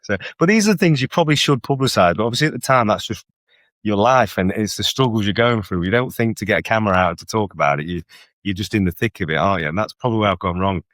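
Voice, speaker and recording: A man telling stories in a casual interview, animated, often checking in with tag questions. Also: fairly low pitch, fast talker, dry recording. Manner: animated storyteller with frequent tag questions and laughter. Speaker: guest bodybuilder.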